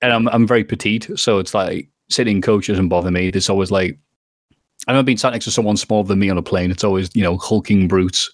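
A man's voice: low-pitched, fairly even intonation, fast talker, no room sound, clean studio sound. A man in his thirties with an English accent, chatting on a podcast and rambling through a story with lots of laughter. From England. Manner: rambling storyteller, laughing often, acting out quotes. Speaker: podcast co-host. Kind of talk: casual chat.

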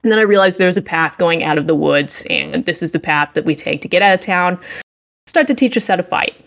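A woman's voice: fairly low pitch, a little fast, gravelly, a bit bright. A young adult woman co-hosting a podcast, recapping a game with sarcasm and mock-heroic acted lines. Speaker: podcast co-host. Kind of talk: casual game review chat.

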